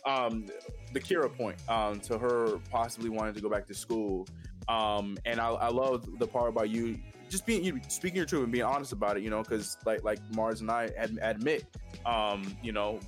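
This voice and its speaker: A man's voice: on the low side, normal speed, soft background music. A man co-hosting a casual podcast conversation, talking in a rambling way with frequent restarts. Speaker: podcast co-host.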